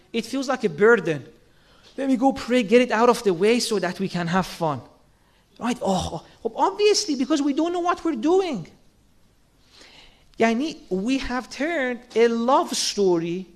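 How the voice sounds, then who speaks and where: A man giving an earnest sermon, asking rhetorical questions and acting out quoted lines. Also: very high-pitched. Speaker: religious speaker.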